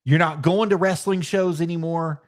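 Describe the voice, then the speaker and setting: A man who wrestles, chatting in a loose, animated storytelling style and dropping casual swears. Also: on the high side, moderate pace.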